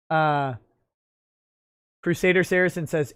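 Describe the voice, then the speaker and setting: A man's voice: fairly high pitch, unhurried, a bit bright. A man hosting a casual livestream show, reading viewer messages aloud with crude jokes and frequent repeated words. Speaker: livestream talk show host.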